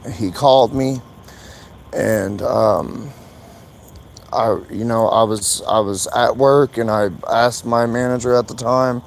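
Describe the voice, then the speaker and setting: A man live streaming from his phone outdoors, rambling and halting, full of fillers and swearing. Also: medium pitch, vocal fry, a little hiss or hum, rough recording. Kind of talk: emotional casual live stream monologue.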